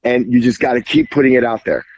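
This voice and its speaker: A man guesting on a podcast, telling an animated story in casual speech full of "like" fillers and casual swearing. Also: medium pitch, quick pace, dull audio, slight background noise. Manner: animated, heavy "like" fillers, acts out quoted dialogue, swears casually. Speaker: podcast guest, jiu-jitsu referee.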